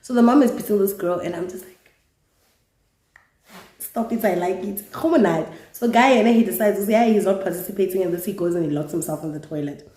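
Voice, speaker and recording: A woman's voice: medium pitch, a little fast. South African young woman, roomy storytime vlog. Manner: lively, candid storytelling with swearing and laughter. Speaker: YouTuber. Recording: roomy echo.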